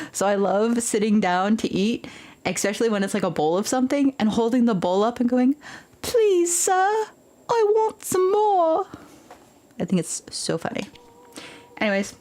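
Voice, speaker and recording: A woman's voice: fairly low pitch, darkish tone. A young woman streaming a game, chatting casually with viewers in a playful, rambling way. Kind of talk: casual live-stream chat.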